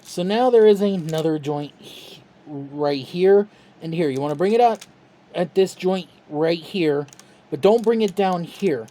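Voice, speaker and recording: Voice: medium pitch, unhurried. Casual chatty toy reviewer. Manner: relaxed, chatty and self-deprecating. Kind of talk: casual step-by-step tutorial.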